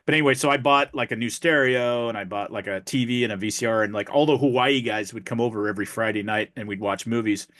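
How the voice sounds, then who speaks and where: A man's voice: medium pitch, fairly even intonation, quick pace, hardly any pauses, a bit bright. A man in his fifties co-hosting a podcast, telling rambling stories and jokes in casual chat. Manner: rambling storyteller, many restarts, tells jokes. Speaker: podcast co-host.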